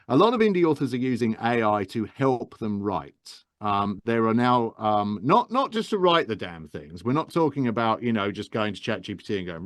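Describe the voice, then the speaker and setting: A man's voice: medium pitch, fairly bright tone, no room sound, clean studio sound. A man, an audiobook narrator, giving enthusiastic, rambling advice in a casual interview, with many restarts.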